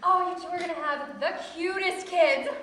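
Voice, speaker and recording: Actress as a gushing young friend, very high voice, echoey stage. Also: female voice, moderate pace, fairly bright tone. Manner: gushing, eager. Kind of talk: stage acting. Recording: echoey stage recording with faint noise.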